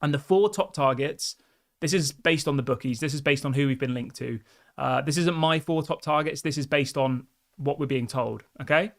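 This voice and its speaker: A football fan channel host runs a live show, speaking in a slightly high, somewhat bright voice. He's chatty and direct in his commentary, repeatedly asking his viewers for their opinions.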